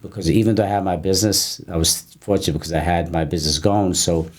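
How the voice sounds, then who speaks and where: Male guest, very deep voice, casual interview storytelling, halting delivery with repeated words. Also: steady tone, a little hiss or hum. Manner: halting, repeats words, breaks off mid-sentence. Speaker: interview guest, personal trainer.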